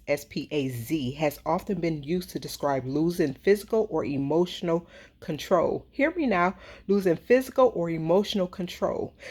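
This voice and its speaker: Worked-up woman, slightly low voice, venting commentary with emphatic repeats. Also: darkish tone. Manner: heated, worked up, emphatic repetition. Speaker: social media commentator. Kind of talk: casual commentary monologue.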